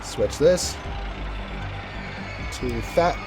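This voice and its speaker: A man's voice: on the high side, animated, extremely slow, over music. Chatty man narrating his gameplay. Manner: chatty, rambling, self-correcting asides. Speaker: gameplay commentator. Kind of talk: casual let's-play commentary.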